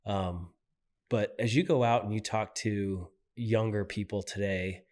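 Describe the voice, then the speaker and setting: A man's voice: fairly low pitch, measured pace, a little mellow. A man hosting an interview, asking long rambling questions full of fillers and restarts. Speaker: podcast host. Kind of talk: interview conversation.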